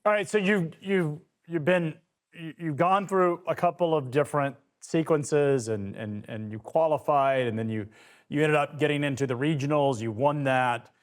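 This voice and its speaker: Male host, casual chat, higher-pitched, stumbles and repeats words when starting sentences. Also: moderate pace. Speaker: show host.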